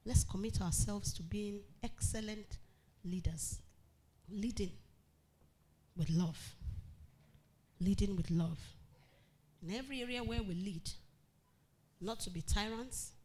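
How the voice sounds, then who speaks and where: A woman pastor preaches to her congregation in an animated way, acting out quotes and calling out loudly. Her voice is mid-range, and she speaks slowly with frequent pauses.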